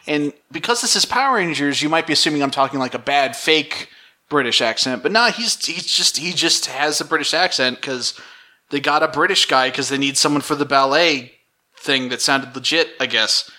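A man's voice: fairly high pitch, normal speed, bright, forceful tone. A man hosting a podcast, casually recapping episodes with fillers and wry jabs.

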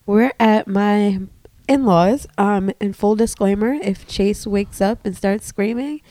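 A woman co-hosting a casual podcast, a little raspy and congested from a cold, telling her story candidly with plenty of fillers, recorded on a couch at home. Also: mid-range voice, slow pace, warm tone, no echo. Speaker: podcast co-host. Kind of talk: casual chat. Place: living room couch in a home.

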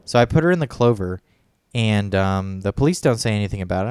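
Rambling, cursing man with a smooth low voice. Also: lively intonation, quick pace, darkish tone, no room sound. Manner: rambling storyteller, swears a lot. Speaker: podcast co-host. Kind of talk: casual chat.

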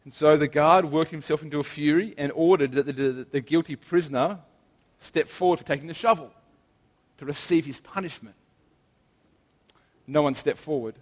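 A man preaching a sermon in an earnest, emphatic way, slowing down to stress key phrases. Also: a little high, in a large hall.

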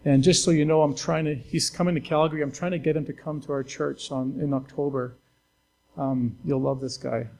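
A man's voice: fairly high pitch, fairly even intonation, brisk, creaky, a little mellow, rough recording. A man pastor delivering a conversational, earnest sermon to his church, with fillers and restarts.

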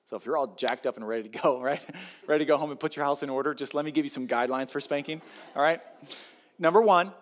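A man's voice: medium pitch, quick pace. A middle-aged male pastor preaching a sermon in a conversational, joking way, repeating key points for emphasis.

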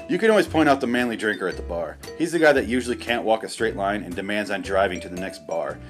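A sarcastic man ranting with faint music. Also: on the low side. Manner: sarcastic, profane ranting with stammered restarts. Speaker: podcast host. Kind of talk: comedic rant monologue.

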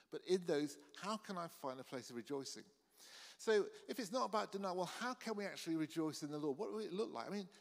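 A man's voice: on the high side, in a large hall. A pastor giving a sermon in a conversational, earnest way, often restarting his sentences. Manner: conversational, earnest, with frequent restarts and "you know". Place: church hall.

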